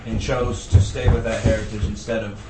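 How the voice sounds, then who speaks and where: A man's voice: on the low side, flat delivery, fairly quick, loud music behind the voice. A man in a Bible study group, hesitantly thinking aloud as he asks his question. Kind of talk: group discussion. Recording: roomy, distant, noisy.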